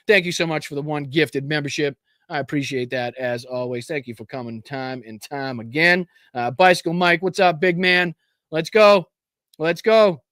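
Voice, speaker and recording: A male political show host rambling through a casual livestream in a mid-pitched voice. He swears freely and keeps restarting half-finished phrases. The sound is dry and close, with no room around it. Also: fairly bright tone, dry recording.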